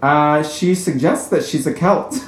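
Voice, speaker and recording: A man co-hosting a podcast, reacting to a movie incredulously and joking in casual chat. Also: on the high side. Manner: incredulous, quick to joke and laugh. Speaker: podcast co-host. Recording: roomy echo.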